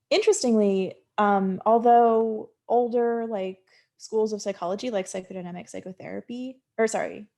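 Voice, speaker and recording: A woman's voice: medium pitch, a little mellow. Casual woman lecturing on psychology. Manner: casual explanatory tone with frequent likes and ums. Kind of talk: recorded university lecture.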